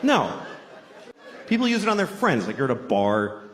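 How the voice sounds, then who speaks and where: Profane ranting comedian. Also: male voice, mid-range voice, wildly swooping pitch, normal speed, fairly bright tone, some chatter behind, slight background noise. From Boston. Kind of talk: stand-up comedy. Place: comedy club stage. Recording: roomy club with audience laughter.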